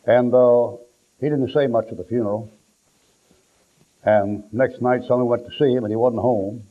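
A man's voice: medium pitch, steady tone, moderate pace. A male preacher telling homespun stories in a rambling folksy sermon, with restarts and down-home phrasing. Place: church. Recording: tinny lo-fi tape.

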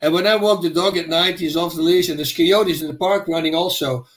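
A man's voice: on the high side, a little fast. A middle-aged man, telling stories in casual podcast chat and acting out the voices in them. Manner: animated storyteller, acts out quotes and dog growls. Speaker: podcast co-host.

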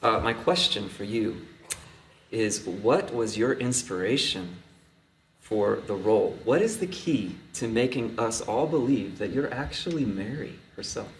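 A man's voice: on the low side, animated, measured pace, distant mic. A man asking joking questions in a playful mock interview, teasing and light. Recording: echoey room with noise.

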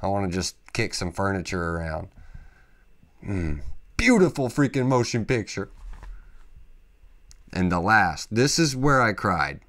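A man hosting a podcast, talking casually and excitably, with lots of emphatic interjections. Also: low voice, a little slow, long pauses. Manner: excitable, emphatic, peppered with "freaking" and "dude". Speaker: podcast host. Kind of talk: casual solo podcast monologue.

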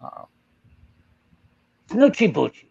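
A man's voice: slow, dark tone, lo-fi sound. A man co-hosting a comedy talk show, asking mock-indignant questions over a video call.

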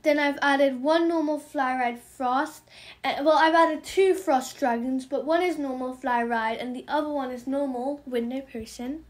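Woman, high voice, hyper fast chatter, gaming vlog commentary, apologetic. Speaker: gaming channel host. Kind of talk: game trading commentary vlog.

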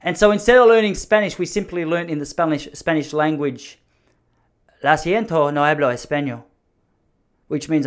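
A man's voice: on the high side, fast talker. An Australian man from Melbourne hosting a podcast, telling a rambling, sardonic comic monologue. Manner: rambling, sardonic, animated storytelling. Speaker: podcast host. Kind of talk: comedic monologue.

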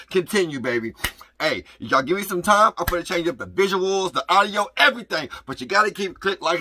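A man hosting a music reaction channel, reacting in a casual, excitable way with loud hype exclamations. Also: high voice, slight background noise. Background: rap track playing.

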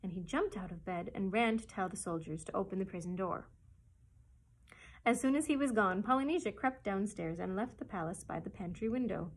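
Husky-voiced woman reading aloud. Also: mid-range voice, expressive, a little fast, rough recording. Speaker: children's librarian. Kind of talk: reading a chapter book aloud.

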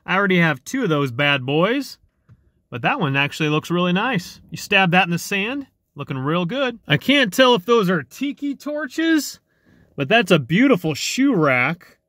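A man vlogging outdoors while dumpster diving, chatty and excitable, thinking aloud to the camera. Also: high-pitched, normal speed, no room sound. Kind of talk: casual vlog narration while dumpster diving. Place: outdoors by apartment complex dumpsters.

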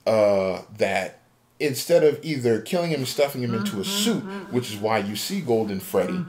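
A man's voice: lowish voice, very animated, moderate pace, a crowd in the background. A man casually retelling a game theory as a story, acting out a panicked character's inner voice. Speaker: podcast co-host. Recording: amateur podcast recording.

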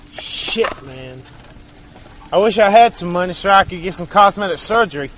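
Crude high-voiced man ranting. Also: expressive, a little slow. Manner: crude, blunt, rambling and profane. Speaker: vlogger. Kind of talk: casual profane rant while driving around. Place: in a car outdoors at night. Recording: night insects and road noise behind.

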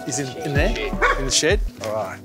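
A man's voice: medium pitch, sing-song, a little fast. A man with an Australian accent hosting a fishing show, chatting casually, teasing and laughing a lot. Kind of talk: casual chat. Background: music.

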